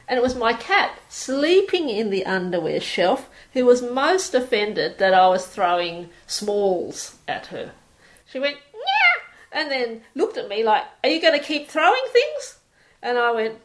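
A middle-aged Australian woman from Sydney, reading a passage aloud and then chatting about her life in a relaxed, hesitant way with many fillers. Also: mid-range voice, low-quality recording. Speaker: performer reading a passage and talking about herself. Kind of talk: reading aloud, then casual personal talk.

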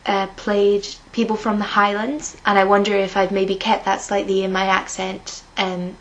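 A young woman from Edinburgh with a slightly lilting Scottish accent, unhurried and soft-spoken, reading a passage and then talking with some hesitation. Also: medium pitch, monotone, lo-fi sound. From Scotland. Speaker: accent study speaker.

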